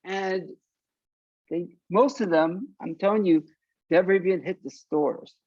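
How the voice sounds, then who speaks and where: This is a casual interview where an older South Florida punk singer, his voice sitting high, takes his time telling stories and lively imitates the people in them. The sound is dry and muffled.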